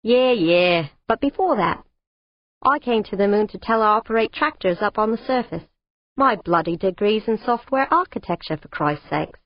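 A woman's voice: medium pitch, lively intonation, normal speed, dry recording, lightly acted. A woman narrator voicing a big, blunt Australian man who grumbles, with an Australian accent. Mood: grumbling. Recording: dull lo-fi audiobook recording.

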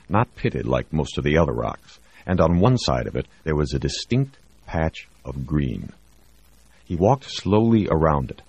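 Very deep, husky male narrator, measured, dry and slightly muffled. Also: a little mellow, no room sound. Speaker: audiobook narrator. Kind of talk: scripted narration.

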